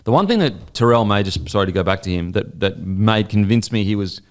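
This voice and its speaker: A man's voice: on the low side, expressive, brisk. A man with an Australian accent co-hosting a sports podcast, talking bluntly and swearing often in casual chat. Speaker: podcast co-host.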